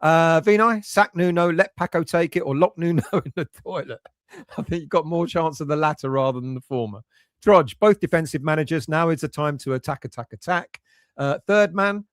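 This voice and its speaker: A middle-aged man hosting a casual live stream, reading out chat and talking emotionally and excitably about his team's fate. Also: on the high side, no echo, clean studio sound. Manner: emotional, excitable, swings between nervous and resigned. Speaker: fan channel host reading chat.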